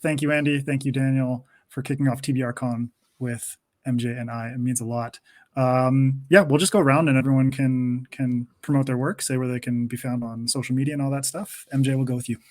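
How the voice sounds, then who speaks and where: A man's voice: medium pitch, steady tone, brisk, a little mellow. Joking, swearing male podcast co-host. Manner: loose, joking, swears freely. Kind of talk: casual podcast hosting. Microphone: video call.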